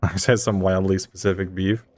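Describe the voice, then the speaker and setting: A man's voice: sits low, flat delivery, fairly quick, a little mellow, a little hiss or hum. A young adult man streaming a game, chatting casually and ranting with emphatic, mock-outraged insistence. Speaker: gaming streamer.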